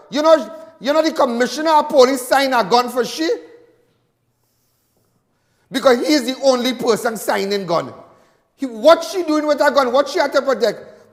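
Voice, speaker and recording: A Trinidadian man hosts a show with a heated political monologue. His voice sits unusually high, and he mocks and repeats phrases to drive each point home. A long reverb trails his words. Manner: fiery, mocking, repeats lines for emphasis. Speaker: host.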